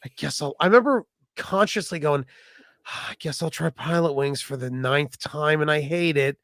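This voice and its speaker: A man's voice: a little high, normal speed, a bit bright, no room sound. A man co-hosting a podcast, joking and sarcastic in casual comedic chat. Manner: joking, sarcastic, does silly voices. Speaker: podcast co-host.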